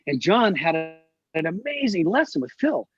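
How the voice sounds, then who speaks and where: A middle-aged guest musician with a high, slightly rough voice speaks at normal speed over soft background music. In a casual video-call interview he animatedly tells stories and acts out the people he quotes, all through dull lo-fi call audio.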